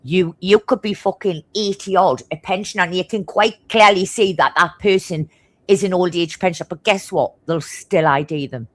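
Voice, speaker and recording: A middle-aged woman from Newcastle with a thick Geordie accent and a slightly low voice. She tells stories fast and bluntly, with swearing in nearly every line. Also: no room sound. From Newcastle, England. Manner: swears constantly, blunt and animated; talks fast. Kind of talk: casual chat, storytelling.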